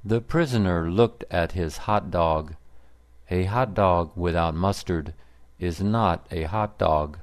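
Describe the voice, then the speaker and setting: A man reading simple stories aloud for English learners, in deliberate, plain sentences. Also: low-pitched. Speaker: narrator. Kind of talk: slow scripted story narration for English learners.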